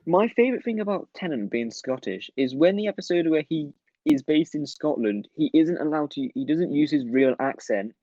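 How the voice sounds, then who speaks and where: A man's voice: fairly high pitch, animated, normal speed, warm tone, dry recording, lo-fi sound. A man co-hosting a podcast, chatting casually, swearing freely and laughing at his own jokes. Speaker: podcast co-host. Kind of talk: casual chat.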